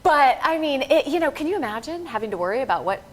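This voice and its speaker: A woman's voice: sits high, big pitch swings, fast. A woman co-presenting a live business workshop, explaining earnestly and checking in with the audience. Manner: earnest and explanatory, many fillers and "right?" checks.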